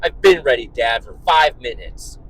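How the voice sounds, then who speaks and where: A man's voice: medium pitch, moderate pace, fairly bright tone, husky, voice pushed down, rough recording. A dad mimicking his whiny, defiant young son. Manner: indignant, talking back. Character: whiny defiant eleven-year-old boy.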